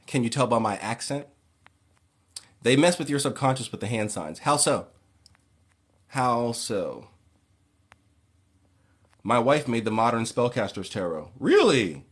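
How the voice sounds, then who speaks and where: A man's voice: mid-range voice, a little slow, long pauses, slightly rough. Laid-back man hosting a livestream Q&A. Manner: relaxed, reads chat questions aloud and answers plainly. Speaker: occult livestream host. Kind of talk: casual livestream Q&A.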